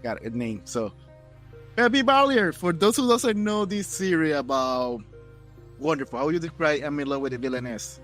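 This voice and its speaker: A man hosting a casual interview, speaking English with a Spanish accent, relaxed and jokey, laughing easily. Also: medium pitch, a little fast, faint music behind. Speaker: host.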